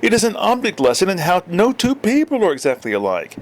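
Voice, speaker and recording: A man's voice: sits high, wildly swooping pitch, fairly quick, voice pushed up, full character voice. A man voicing a stubborn, snappish old lady with a nasal New England accent. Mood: insistent.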